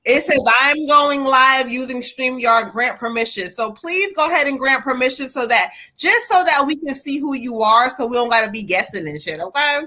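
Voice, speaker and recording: A woman hosts a live reading stream, talking casually to her viewers and laughing easily. Her voice is bright and sits a little high. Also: lively intonation, moderate pace, few pauses. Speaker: host and psychic medium.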